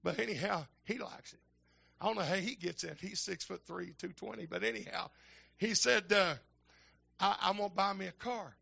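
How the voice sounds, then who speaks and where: An older man, a minister telling folksy stories in a sermon that build to shouting fervor. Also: sits high, moderate pace, gravelly, husky. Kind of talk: storytelling sermon.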